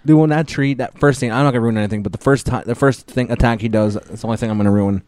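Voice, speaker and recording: A man's voice: medium pitch, racing, darkish tone, no echo, studio quality. A man co-hosting a podcast, chatting casually about movies, swearing a lot and laughing often. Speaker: podcast co-host. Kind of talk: casual chat.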